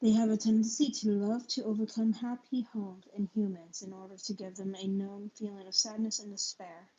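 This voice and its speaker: A young woman with a mellow, medium-pitched voice and a level tone reads a book aloud on a live stream. She halts, stumbles, corrects herself, and spells out difficult words, with a low-quality mic giving dull lo-fi audio.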